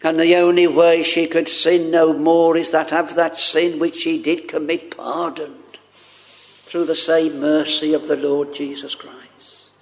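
A man delivers a sermon in a slow, unhurried cadence, pausing often and stumbling over fillers. His voice sits a little high and carries a gravelly fry. His phrasing is fervent and earnest. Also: flat delivery. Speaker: preacher.

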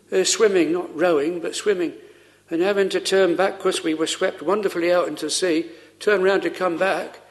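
Guy preaching a sermon, kinda high voice, earnest, lots of questions and pauses. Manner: earnest, pleading, with many pauses and rhetorical questions.

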